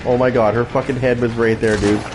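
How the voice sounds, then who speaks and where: A gaming channel host with a mid-range voice trash-talks and swears while playing a video game, taunting his opponents. Loud game sounds and background noise fill the recording behind him.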